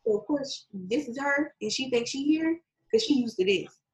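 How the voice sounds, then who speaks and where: A woman in casual chat, retelling a story with lively acted-out quotes, swearing and laughing often. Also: high voice, normal speed, low-quality recording. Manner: animated storytelling, acts out quotes.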